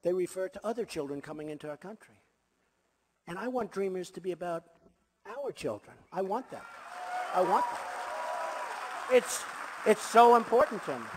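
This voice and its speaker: At a large rally before a crowd, a male candidate gives an emphatic speech full of repeated points and boastful remarks. His high voice moves in a sing-song way at normal speed, broken by long pauses. Crowd noise fills the background, and the big hall adds long reverb.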